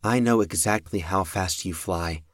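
A calm machine intelligence speaks through a wristband in a level, matter-of-fact tone, as a male narrator puts it on. The voice sits low and dark, and the recording is dry and close. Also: measured pace, dry recording.

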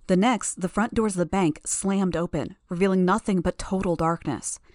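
A woman reading an audiobook chapter in the first person, in a steady, measured manner. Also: fairly low pitch, dry recording, studio quality. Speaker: audiobook narrator.

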